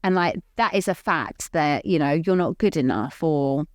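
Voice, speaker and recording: A woman's voice: low-pitched, animated, normal speed, no echo, clean studio sound. A woman co-hosting a podcast, talking openly in a rambling, earnest way full of "like". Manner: rambling, heavy use of "like", open and earnest. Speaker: podcast co-host. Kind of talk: candid casual chat.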